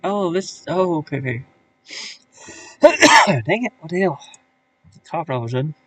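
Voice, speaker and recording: Streaming live from his van, a man casually talks to himself as he works, muttering and thinking aloud with plenty of fillers. His voice is on the high side and a bit bright, with big pitch swings and a moderate pace.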